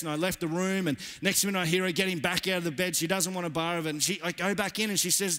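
A man's voice: high-pitched, fairly even intonation, quick pace, hardly any pauses, bright, forceful tone. A man in his thirties preaching a sermon as pastor, earnest and emphatic, repeating key phrases. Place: church. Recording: church hall reverb.

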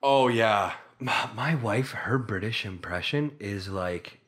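A man's voice: fairly low pitch, slow, fairly bright tone. A man co-hosting a casual comedy podcast, joking around and doing comic accents. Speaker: podcast co-host.

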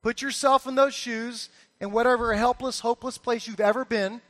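A man preaching a sermon, animated and acting out the figures in the story with sudden loud bursts. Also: extremely high pitch, normal speed. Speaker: pastor.

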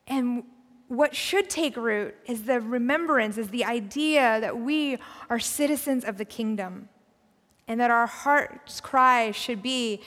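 A woman pastor giving a conversational, reflective sermon, often dropping to a soft, quiet voice. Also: fairly high pitch, slow. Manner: conversational, reflective preaching with soft drops in volume. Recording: long hall reverb.

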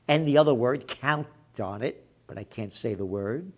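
A man of Italian heritage ranting over news headlines, sarcastic and profane, often shouting. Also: medium pitch, animated, normal speed, few pauses. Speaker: commentator.

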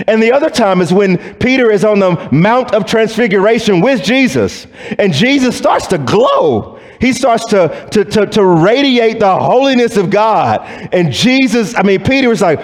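A male pastor delivers his sermon at an unhurried pace, his voice set somewhat high. He talks to his congregation like a friend, acting out quick voices before sinking to a hushed, low delivery. The sound carries a long reverb from a large church hall. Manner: conversational preaching, acts out voices, swings from loud high to hushed low.

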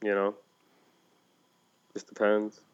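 A man's voice: lowish voice, monotone, takes it slowly, clear, resonant tone. Laid-back man on a lo-fi podcast. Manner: laid-back, laughs often, tells anecdotes. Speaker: podcast co-host, cigar shop worker. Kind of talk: casual chat.

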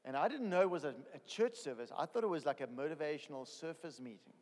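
A man in his fifties from South Africa, telling his testimony as a preacher in a storytelling sermon that rises to loud excited bursts. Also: a little high, fast. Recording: long hall reverb.

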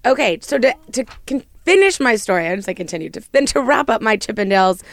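A woman's voice: on the high side, expressive, fast, dry recording. A woman co-hosting a talk show, telling a long weekend story in a chatty way full of "like". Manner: chatty, lots of "like". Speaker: co-host. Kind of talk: casual storytelling chat.

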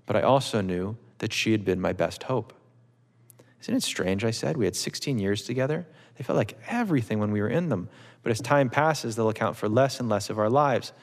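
A man reading from his own novel to a live audience in a measured, wry literary manner. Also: lowish voice. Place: auditorium stage. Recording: long reverb of a large hall.

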